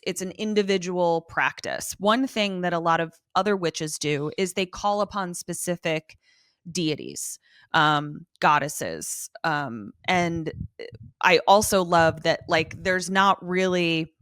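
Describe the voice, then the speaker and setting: A woman's voice: fairly low pitch, measured pace, a bit bright, clear, resonant tone, no room sound, studio quality. A woman co-hosting a podcast, talking in a chatty, casual way with lots of fillers. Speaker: podcast co-host. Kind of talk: casual chat.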